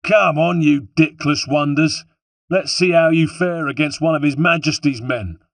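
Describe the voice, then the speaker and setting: A man voicing a brave, loyal soldier who shouts gruffly. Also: fairly high pitch, unhurried, no room sound, voice pushed up. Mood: defiant roar. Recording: dry, distant mic.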